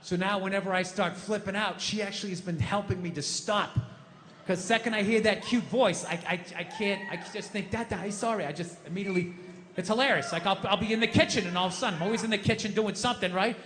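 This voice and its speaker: A man on stage ranting through a stand-up set, his voice high and sharp, the words rushing out. He swears freely and acts out the people in his stories. The sound rings with long hall reverb and faint audience ambience behind it. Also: a little hiss or hum. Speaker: stand-up comedian. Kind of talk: stand-up rant. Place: live comedy venue.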